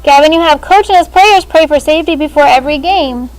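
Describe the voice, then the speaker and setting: High voiced lady teacher going over grammar w her class, brisk, talking thru a face shield. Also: poor audio. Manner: brisk, calls on students by name. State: speaking through a face shield. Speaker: sixth grade language teacher.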